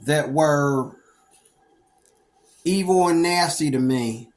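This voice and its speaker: Speaking slowly in a voice on the high side, a rambling middle-aged man from Pennsylvania, United States, recounts his past in a casual monologue. He's animated, acting out the people he quotes with sudden loud bursts.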